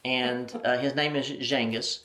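A man's voice: mid-range voice, steady tone, a little slow, sharp tone, a little hiss or hum. A man telling a personal story as an interview guest, animatedly acting out the dialogue. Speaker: ministry president, interview guest. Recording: roomy echo.

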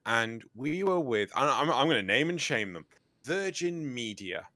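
A man's voice: mid-range voice, sing-song, measured pace, sharp tone, no echo. A young man, a podcast co-host, tells a story in casual chat and acts out both sides of a phone call.

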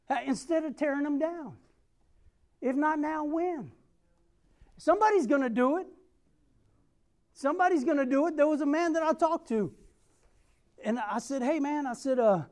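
A man's voice: very high voice, expressive, moderate pace, long pauses, a little mellow. A middle-aged man delivers a sermon in an earnest, emphatic way. He repeats phrases for weight and speaks straight to the people in front of him. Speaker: pastor.

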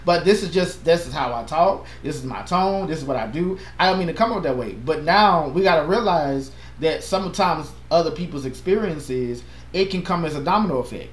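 Male pastor, fairly high voice, earnest and passionate, echoey room. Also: moderate pace. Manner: earnest, passionate, animated with playful asides. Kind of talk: casual chat.

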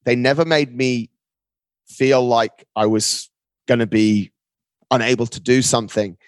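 A man, a podcast guest, telling a personal story in casual conversation. He talks in an animated way and keeps saying "mate.". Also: medium pitch, a little slow, dry recording. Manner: animated, often says "mate".

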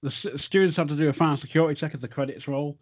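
A man's voice: a little high, steady tone, very fast, a crowd in the background. A man casually recapping a TV episode, laughing often and acting out the characters' lines. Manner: laughs often, narrates scenes and acts out quotes. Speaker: podcast co-host recapping a TV episode. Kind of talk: casual chat. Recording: dull lo-fi audio.

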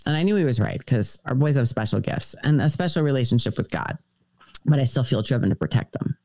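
Woman telling a story, lively pitch. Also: fairly quick, no echo. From United States. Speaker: podcast guest. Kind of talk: storytelling on a podcast.

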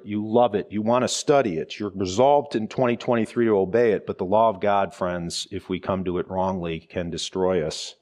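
Pastor, middle-aged man, slightly low pitch; conversational sermon delivery, rhetorical questions, light humor. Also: darkish tone. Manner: conversational preaching with rhetorical questions, frequent "right?".

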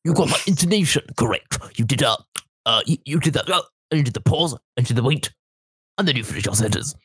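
A man's voice: medium pitch, animated, quick pace, fairly bright tone, husky, no echo. A man co-hosting a podcast in casual, joking chat, laughing often. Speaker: podcast co-host.

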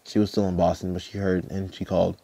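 Low-voiced young man rambling through a story. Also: level tone, fast, vocal fry, dark tone. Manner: rambling, heavy use of "like", profane. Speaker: podcast host. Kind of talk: personal storytelling.

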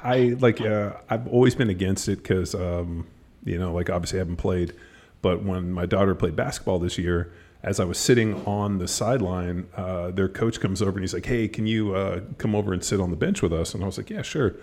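A man telling stories in a casual chat, animated and swearing freely, acting out what people said. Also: low-pitched, fairly quick, a little hiss or hum. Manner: animated storytelling, swears a lot, acts out quotes.

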